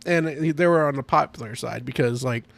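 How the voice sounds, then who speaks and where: A man chatting casually on his podcast, eager and rambling. He laughs often as he goes, and his voice sits at a middle pitch. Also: normal speed, gravelly, a bit bright. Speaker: podcast host. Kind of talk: casual chat.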